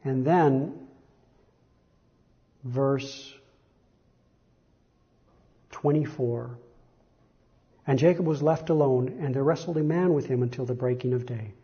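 A man's voice: medium pitch, slow pace, long pauses, lo-fi sound. A man preaching a sermon, reading Bible verses aloud with rising emphasis and frequent self-correcting repetitions.

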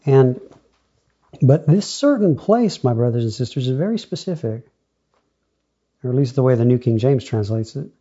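A man's voice: mid-range voice, very animated, normal speed, pauses often, warm tone, husky, dull audio. A man preaching a sermon, reading scripture aloud and addressing the congregation as brothers and sisters.

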